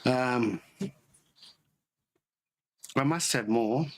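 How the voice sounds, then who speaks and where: A man's voice: mid-range voice, drawn-out words, slight background noise, rough recording. A man hosting a homebrewing livestream, chatting casually and rambling, correcting himself as he tastes beer. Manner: rambling, self-correcting, tasting beer on stream. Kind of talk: casual live chat.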